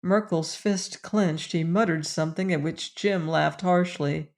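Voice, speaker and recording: A man reading a novel aloud as an audiobook narrator, in a measured, even delivery. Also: fairly high pitch.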